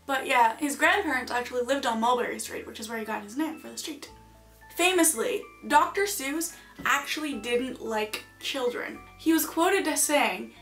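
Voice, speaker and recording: A woman's voice: a little high, a bit bright. A young adult woman chatting casually to camera in a vlog, offhand and jokey, with lots of fillers. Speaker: video creator.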